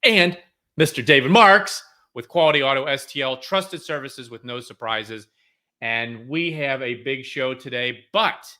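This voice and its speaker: A man hosting a car podcast, energetic and playful, moving between banter and sponsor reads. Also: mid-range voice. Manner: energetic and playful, leaning on hype. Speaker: podcast host.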